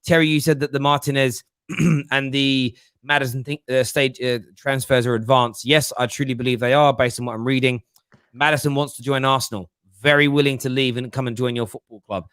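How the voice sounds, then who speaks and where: An animated man hosts a casual football discussion, circling back on his points and restarting sentences as he goes. His voice sits at an ordinary pitch and comes across dry and close. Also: fairly quick, smooth, no room sound. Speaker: podcast host.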